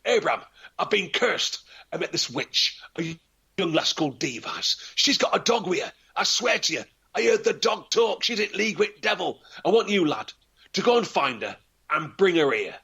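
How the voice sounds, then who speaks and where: Man doing agitated old peddler, shouty, husky, sharp. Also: high voice, very animated, moderate pace, voice pushed up, full character voice. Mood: frightened. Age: 50s. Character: old male peddler, gruff then terrified.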